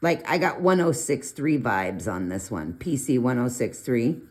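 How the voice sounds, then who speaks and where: A middle-aged woman with a low voice chats her way through a colored pencil tutorial. She rambles into asides and jumps up in pitch when something amuses her. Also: expressive, unhurried. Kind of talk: casual art tutorial talk.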